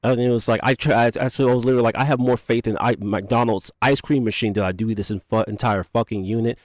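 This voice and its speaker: A young man casually telling a profane, animated story, acting out quotes as he goes. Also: mid-range voice, quick pace, no room sound, studio quality.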